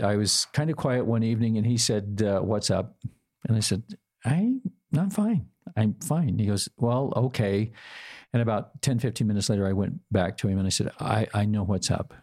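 An older man shares a personal story, his voice sitting slightly low. He speaks haltingly, with plenty of fillers and restarts, and plays out both sides of the remembered dialogue. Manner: quotes himself and his partner in dialogue.

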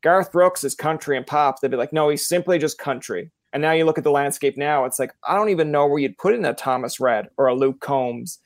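A man's voice: a little high, brisk, few pauses, no echo. Man, Newfoundland accent, podcast host, rambling chatty storyteller, dry close-up sound. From Newfoundland, Canada. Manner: rambling, chatty storytelling with playful put-on quotes. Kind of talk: casual interview chat.

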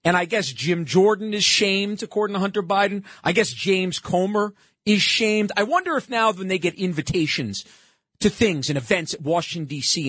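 A man's voice: sits high, a bit bright, slightly rough, no echo. A man hosting a talk show, commenting sarcastically on played clips and often cutting in.

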